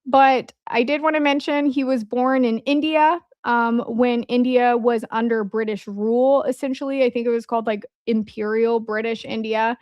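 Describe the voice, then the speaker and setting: A woman's voice: on the high side, steady tone, normal speed, hardly any pauses, darkish tone, clean tone, no room sound, dull audio. A woman with a Midwestern American accent hosting a casual livestream, chatting and joking with her viewers. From Midwest of the United States. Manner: chatty, joking asides to chat. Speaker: livestream host.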